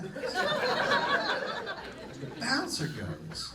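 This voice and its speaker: A man doing live stand-up on a comedy club stage, telling a story in an animated, profane way. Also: mid-range voice, slow, long pauses, distant mic, heavy background noise. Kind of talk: live stand-up crowd work.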